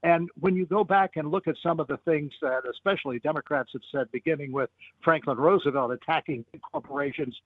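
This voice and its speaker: A man's voice: fairly high pitch, brisk, dry recording. A man appearing as a radio guest, making opinionated, emphatic points. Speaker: guest columnist. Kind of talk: phone-in interview. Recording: tinny phone line.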